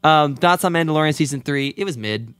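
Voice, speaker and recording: A young man co-hosting a podcast in relaxed, joking chat, quick to clown around. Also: on the high side, clean tone, no room sound. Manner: joking, puts on mock accents. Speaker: podcast co-host. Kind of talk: casual chat.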